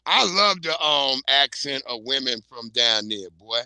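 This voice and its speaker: A man's voice: mid-range voice, lively intonation, measured pace, pushed and bright. A man hosting a casual livestream, bantering loosely and joking with plenty of profanity. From Virginia. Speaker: livestream host.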